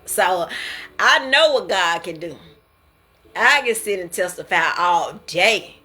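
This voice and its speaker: A woman's voice: fairly low pitch, lively intonation, slow, bright, forceful tone. A woman giving an informal devotional talk, earnest and repetitive, testifying and urging listeners to stop stressing. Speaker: devotional speaker. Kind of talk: informal preaching.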